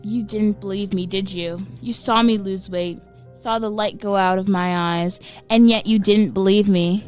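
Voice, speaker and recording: A woman voicing a dead wife who has come back as an eerie possessed ghost, speaking softly in a lifeless, honey-sweet way. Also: mid-range voice, steady tone, a little slow, faint music behind, voice pushed down, lightly acted. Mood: eerie accusing.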